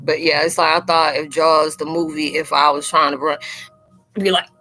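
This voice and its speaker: A woman hosts a casual live chat, joking and talking straight to her viewers in slangy everyday speech. Her voice is bright and forward. Faint music plays behind her. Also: low voice, fairly even intonation, moderate pace.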